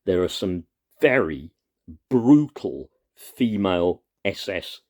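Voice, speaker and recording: Slow, earnest man with a lively voice. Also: low-pitched. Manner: earnest, emphatic, with long pauses and stress on single words. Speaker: video commentator. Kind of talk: impassioned personal monologue.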